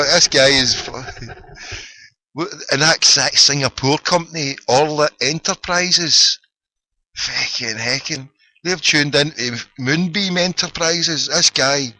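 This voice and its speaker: A man's voice: medium pitch, sharp tone, dry recording, poor audio. A middle-aged man with a Glaswegian accent hosting a phone-in podcast, ranting sarcastically and swearing freely in casual solo commentary. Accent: Scottish, Glaswegian.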